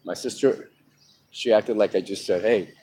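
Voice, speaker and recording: A man telling his own life story in a frank, halting way, pausing often with ums. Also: lowish voice, warm tone, poor audio. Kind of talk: candid personal monologue. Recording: outdoor traffic noise behind.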